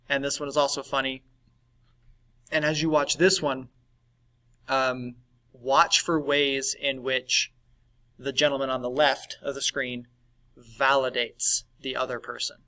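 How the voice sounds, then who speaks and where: A man's voice: mid-range voice, bright, forceful tone, rough recording. A man teaching a recorded lesson in a conversational way, often checking in with "right?". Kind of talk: recorded class lesson on validation.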